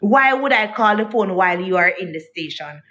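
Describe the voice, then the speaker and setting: A woman's voice: mid-range voice, expressive, normal speed, bright, forceful tone. A young woman, telling her viewers a heated, indignant story about a partner, repeating herself as she vents. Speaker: vlogger. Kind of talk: emotional storytime rant to viewers.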